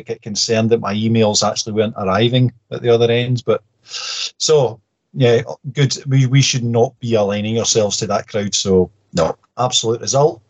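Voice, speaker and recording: A man, a guest on a football podcast, talking casually with dry humour and halting restarts. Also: medium pitch, lo-fi sound.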